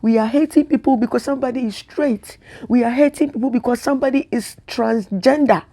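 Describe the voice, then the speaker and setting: A woman's voice: fairly high pitch, a little fast, warm tone. A woman vlogger giving an emotional spiritual monologue, talking in a repetitive, preacher-like way and close to tears. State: tearful.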